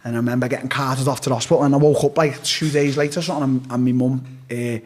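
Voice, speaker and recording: A man's voice: mid-range voice, steady tone, very fast, darkish tone. A man, an interview guest, telling a story in a blunt, profane, casual way and acting out what people said. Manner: blunt and profane, with acted-out quotes.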